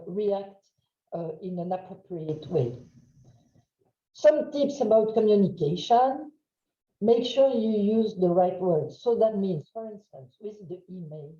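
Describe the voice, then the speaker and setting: A woman with a French accent giving a webinar lecture, halting with many fillers and checking in with "huh?". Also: medium pitch, mellow. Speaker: webinar trainer. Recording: roomy, dull lo-fi sound.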